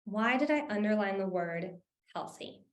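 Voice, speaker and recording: A woman's voice: mid-range voice, animated, moderate pace, reverberant. A woman presenting an interactive workshop as a coach, upbeat and engaging with her audience over a video call. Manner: upbeat, engaging, calls out to the chat.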